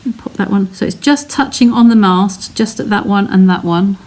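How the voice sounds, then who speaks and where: An English woman demonstrates card-making live, chatting casually as she narrates every step and replies to viewer comments. Her medium-pitched voice is a little mellow, moving at normal speed.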